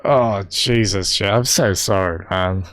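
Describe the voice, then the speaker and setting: A game streamer with a deep, slightly bright voice gives live commentary at a measured pace, recorded dry. He's chatty and laughs often, addressing viewers in chat by name.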